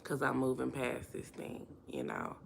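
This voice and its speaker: A woman's voice: a bass voice, wildly swooping pitch, a little slow, vocal fry, a little hiss or hum. A woman from Alabama with a Southern accent, chatting casually and expressively to her livestream viewers. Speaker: livestream host. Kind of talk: casual livestream chat, reading comments aloud.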